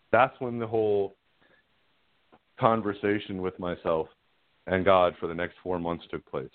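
A man's voice: low-pitched, no room sound. A middle-aged man calling in as a guest, telling a personal story in a frank, rambling way and laughing at himself. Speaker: guest caller. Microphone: phone. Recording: tinny dry phone line.

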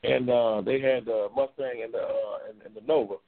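A man hosting a casual live-stream chat, loose and excitable, repeating himself and reading viewer comments. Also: normal speed, creaky. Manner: loose, excitable, repeats himself, bursts into high-pitched race calling. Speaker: talk show host reading viewer comments. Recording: tinny phone-like lo-fi audio.

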